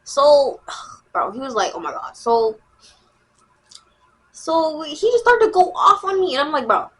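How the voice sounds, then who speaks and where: Animated teenage girl telling a story. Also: sits high, unhurried. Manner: animated, slangy, repeats herself, acts out quotes. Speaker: storyteller vlogger. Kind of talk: casual storytime chat.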